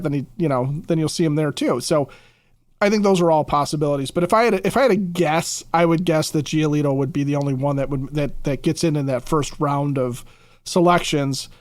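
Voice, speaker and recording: Fast-talking male sports podcaster. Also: fairly high pitch, no echo, clean studio sound. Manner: quick, repeats words when starting. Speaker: podcast co-host. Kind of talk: casual sports chat.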